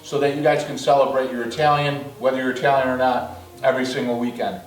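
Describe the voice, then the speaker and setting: A man's voice: mid-range voice, level tone, quick pace, echoey room, distant mic, rough recording. A man hosting a cooking show, chatty and enthusiastic as he talks viewers through a recipe. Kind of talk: casual cooking demonstration. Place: villa kitchen in Italy, outdoors breeze.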